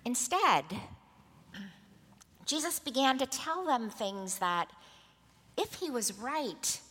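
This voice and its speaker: A woman's voice: sits high, a bit bright, in a large hall. A woman preacher giving a sermon, telling a story expressively and acting out the voices in it.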